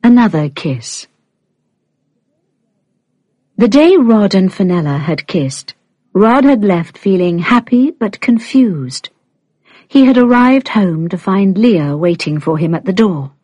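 A woman reading an audiobook aloud in calm, unhurried scripted narration. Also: medium pitch, breathy edge, dry recording. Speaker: audiobook reader.

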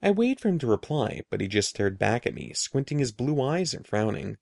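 A man reading a children's story aloud in an expressive, animated way. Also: medium pitch, brisk, creaky, no echo, studio quality. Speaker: narrator.

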